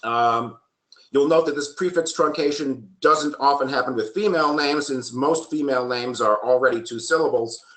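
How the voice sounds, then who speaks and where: Speaking with a bright, forceful tone in the middle of his range, a man presents genealogy slides to a workshop. The echoing room carries his steady explanations, frequent ums, and occasional dry humor.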